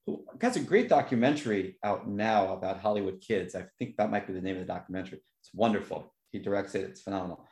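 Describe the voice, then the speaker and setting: A man chatting casually, telling stories with lively jumps into a higher voice when he quotes reactions. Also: fast, few pauses. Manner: animated storyteller, voice jumps high for quoted reactions. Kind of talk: casual chat. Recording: echoey room.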